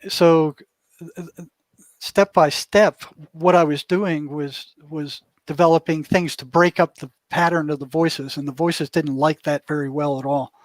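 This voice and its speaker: A man's voice: on the high side, fairly even intonation, moderate pace, no room sound. An older man, a guest in an interview, telling a story casually and acting out what people said along the way. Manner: vivid storyteller who acts out what people said. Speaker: interview guest, former prison mental health worker.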